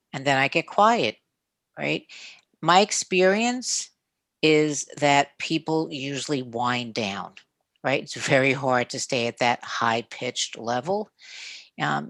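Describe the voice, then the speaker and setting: A mid-pitched speaker coaching listeners through tense talks, often tagging sentences with "right?". The sound is dry and close to the mic, with no room around it. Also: a little slow, vocal fry, dry recording. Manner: coaching, repeats "right?" often, acts out calm sample lines. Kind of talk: casual advice talk.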